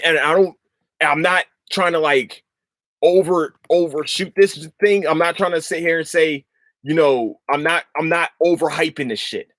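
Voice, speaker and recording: A man's voice: fairly high pitch, no room sound. A man hosting a podcast, chatting casually and rambling, swearing often and restarting his sentences. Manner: animated, profane, rambling with restarts. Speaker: podcast host.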